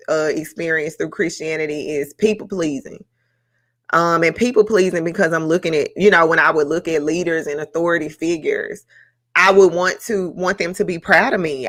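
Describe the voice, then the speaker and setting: Her voice sits on the lower side with a slight brightness as she hosts a live-streamed book club talk. She reflects emotionally, pausing often and using plenty of fillers.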